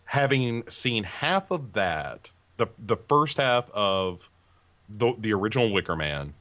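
A man in casual podcast chat with a wry, meandering, halting way of telling a joke. He speaks slowly in a lowish voice that rises and falls a lot. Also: big pitch swings, sharp tone. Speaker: podcast co-host.

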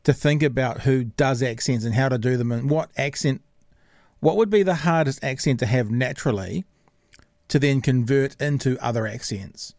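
A man's voice: mid-range voice, moderate pace, darkish tone, no room sound, clean studio sound. A man hosting a podcast, chatting casually and rambling a little while he searches for words. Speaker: podcast host. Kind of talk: casual chat.

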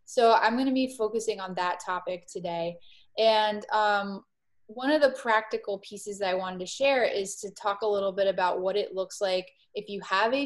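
Measured woman from Miami, explaining clearly. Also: medium pitch. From Miami, Florida. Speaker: guest psychologist. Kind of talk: explanatory conversation.

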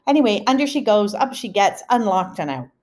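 A middle-aged woman hosting a podcast, telling a family story in an animated, chatty way full of asides. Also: mid-range voice, a little fast. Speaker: podcast host. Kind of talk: storytelling monologue.

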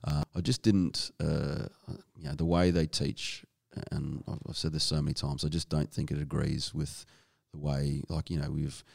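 An Australian man as a guest in a casual interview, talking in halting bursts full of restarts and casual swearing. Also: rumbling low, little pitch movement, creaky, darkish tone. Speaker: guest, strength and conditioning coach.

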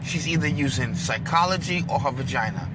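A man giving loud, profane commentary in a rant that breaks into shouting. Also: mid-range voice, lively intonation, brisk, very noisy. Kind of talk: ranting commentary.

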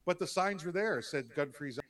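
A man's voice: a little high, expressive, fairly quick, fairly bright tone. A man co-hosting a casual political talk podcast, speaking plainly with short replies. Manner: plain, terse, reads ads. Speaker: podcast co-host.

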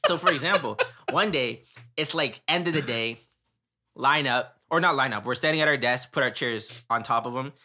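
A man's voice: mid-range voice, moderate pace, pushed and bright. A young man from Canada, telling a story in casual chat, rambling with slang and frequent laughter.

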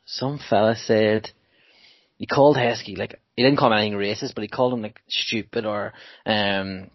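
A young man with a lowish voice tells stories with animated energy and frequent laughter. The recording is dry and a little muffled, like a basic podcast mic. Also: no echo. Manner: animated storyteller, laughs often. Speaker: podcast co-host. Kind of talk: casual chat.

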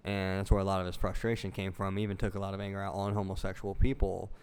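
Low smooth guy riffing crude jokes on a phone-recorded podcast, laughs a lot. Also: flat delivery, fast, a little mellow. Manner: crude, joking, laughs often. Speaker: comedian podcast co-host. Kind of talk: casual chat.

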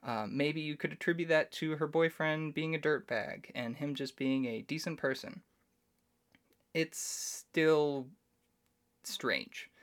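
A man's voice: a little high, steady tone, slow, clear, resonant tone. A man hosting a solo podcast, giving casual, opinionated commentary and explaining his views at length. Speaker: podcast host.

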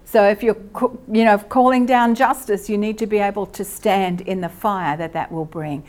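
A woman's voice: medium pitch, moderate pace. Australian woman teaching a church group. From Queensland, Australia. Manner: lively, asks the audience questions.

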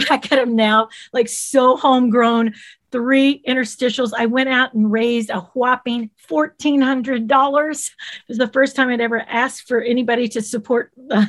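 A middle-aged woman with a warm Southern US accent tells her story in a casual interview. Her voice sits a bit high, and she talks in a lively, animated way. She slips into quick impressions of the people she quotes. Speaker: guest, children's TV creator.

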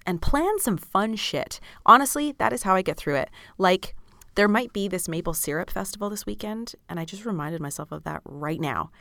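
Woman, 30s, tired podcast host; candid, sweary, laughs a lot; lowish voice, dry padded-studio sound. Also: bright, forceful tone, no room sound. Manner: frank and chatty, swears freely, laughs often. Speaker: podcast host answering listener questions. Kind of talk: candid casual chat. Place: small padded studio room.

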